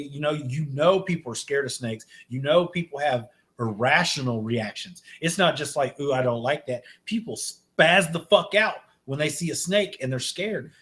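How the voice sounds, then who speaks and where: A man's voice: fairly high pitch, a bit bright. Profane, ranting man on a podcast. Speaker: podcast host. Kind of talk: casual podcast chat.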